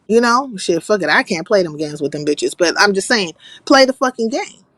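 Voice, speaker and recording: A woman's voice: medium pitch, lively intonation, normal speed, fairly bright tone, no echo. A woman hosting a casual livestream chat, blunt and profane, reading out viewer comments and giving her opinion. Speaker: livestream host.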